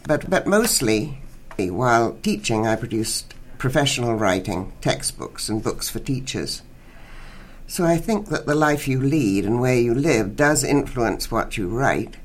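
A woman writer from Canada, a guest in an interview, speaking in a measured way and reading her own short story aloud. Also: a bass voice, expressive.

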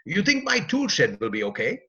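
A man's voice: sits high, huge pitch swings, fairly quick, sharp tone, heavily acted. A man voicing an elderly father who worries about his house and tool shed, in a dull lo-fi recording. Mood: worried.

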